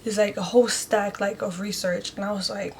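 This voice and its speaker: This woman's medium-pitched voice stays steady and moves a little fast, with slight background noise behind it. Telling her viewers a casual storytime, she chats emotionally and sincerely, leaning heavily on "like" and addressing everyone as "y'all."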